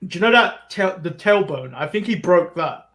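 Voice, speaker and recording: A man's voice: high voice, expressive, moderate pace, fairly bright tone. A man co-hosting a casual wrestling recap, playful and rambling, often stumbling over his words. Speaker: podcast co-host.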